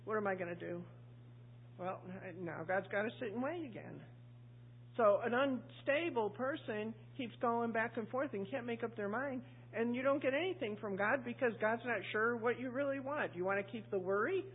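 A woman's voice: on the high side, animated, moderate pace, breathy edge. A woman preacher giving a chatty, conversational sermon, asking the congregation questions and acting out voices. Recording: tinny phone-like audio.

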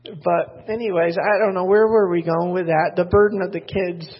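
A woman's voice: lowish voice, fairly even intonation, normal speed, breathy edge. An older woman preaching a sermon from a pulpit. She talks candidly, wanders off into personal stories with self-deprecating asides, and reads scripture aloud. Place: church pulpit. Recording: dull lo-fi sermon recording.

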